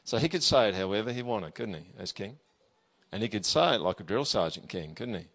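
A man's voice: fairly low pitch, animated, a little fast, vocal fry, fairly bright tone. Man preaching a conversational sermon. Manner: conversational preaching, with many tag questions; emphatic, reads scripture aloud. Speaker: pastor.

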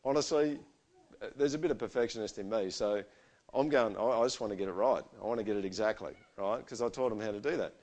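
A middle-aged man, preaching a sermon and telling stories in a conversational, animated way. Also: lowish voice, quick pace.

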